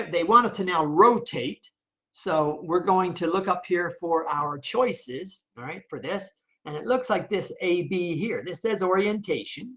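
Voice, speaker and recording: A college instructor giving a recorded software tutorial, walking through each step out loud and often stopping to check and correct themselves. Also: mid-range voice, muffled recording.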